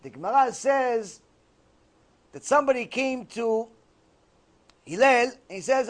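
High-pitched guy teaching a torah class, animated, tells stories and acts them out. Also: measured pace, long pauses. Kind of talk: religious lecture with storytelling.

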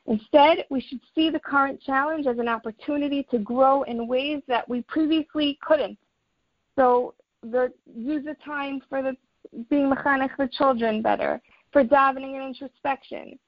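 High-voiced woman teaching earnestly. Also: no echo, lo-fi sound. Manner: earnest and encouraging, with personal anecdotes. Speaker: teacher of a weekly religious class. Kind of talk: spoken religious lesson.

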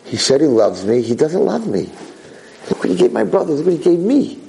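A man voicing a young son who is hurt, whiny and indignant, complaining in a high, strained voice. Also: normal speed, vocal fry, dark tone, slight background noise, rough recording. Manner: complaining, pleading.

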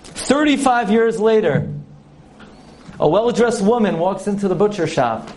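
A man giving an animated Torah class, asking rhetorical questions, using many Hebrew and Yiddish terms and acting out the characters in a story. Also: high-pitched, measured pace. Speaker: rabbi teaching a Torah lesson.

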